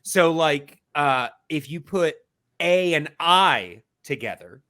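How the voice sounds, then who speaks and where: A man on a podcast giving a casual mock lesson, talking slowly and explaining step by step with lots of fillers. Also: on the high side, lively intonation, pushed and bright. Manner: slow, explanatory, many fillers and restarts. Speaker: podcast co-host.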